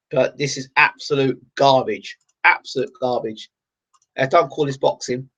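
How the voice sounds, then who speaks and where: A man's voice: on the high side, dull audio. Exasperated man ranting over a fight. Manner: exasperated, ranting, swings to excited shouting. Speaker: live audio commentator. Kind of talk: live fight commentary.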